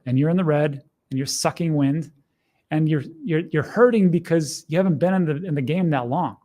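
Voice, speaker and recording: A middle-aged man talks through what is on his screen in a loose, conversational way. His voice sits a little higher than most men's, and he drops in wry, sardonic asides as he goes. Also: fairly quick, dark tone. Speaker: host. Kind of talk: casual screen-share commentary.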